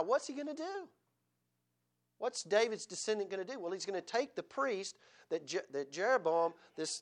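A man preaching a sermon in church, reading scripture aloud and driving his points home with rhetorical questions. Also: high voice. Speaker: pastor.

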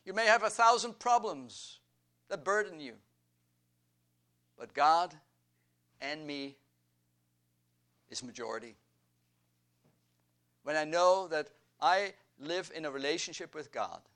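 A man preaching a sermon, slow and deliberate, building emphasis through repeated phrases. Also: fairly high pitch, expressive, a bit bright. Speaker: pastor.

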